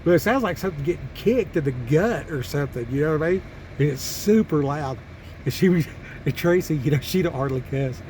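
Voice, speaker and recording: Country trucker guy rambling stories from his cab, drawly, lots of uhs, voice a bit high, faint road noise behind. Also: animated, a little fast, a little mellow. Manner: rambling, folksy, with many fillers and restarts. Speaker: truck driver vlogger. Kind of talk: casual storytelling vlog. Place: truck cab parked on a mountain pass.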